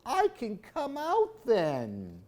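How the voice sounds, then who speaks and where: A man voicing a small scared owl who wails in a high, squeaky voice, reading a picture book aloud. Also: wildly swooping pitch, darkish tone, heavily acted. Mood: relieved. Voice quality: high wailing. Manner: drawn-out, squeaky. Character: small scared owl hiding in a tree, crying.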